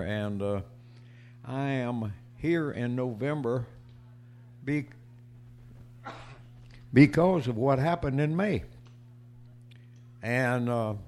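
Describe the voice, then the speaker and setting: A man on stage introduces a poem of his own and then recites it. He speaks slowly and deliberately, with a steady voice of medium pitch. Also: slight background noise. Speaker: cowboy poet performing. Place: stage before a small audience.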